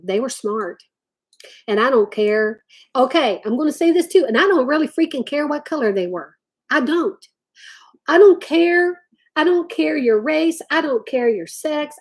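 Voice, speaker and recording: A woman ranting to her viewers. She talks emphatically and drawls "y'all" often. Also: a little high. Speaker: vlogger talking to live chat. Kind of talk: impassioned rant to viewers.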